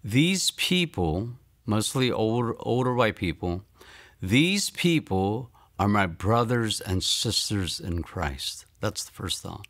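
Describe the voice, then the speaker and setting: A man's voice: on the low side, lively intonation, slow pace. Earnest man telling a personal testimony. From Maryland, United States. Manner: earnest storytelling, often trailing off softly at phrase ends. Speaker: guest giving a testimony.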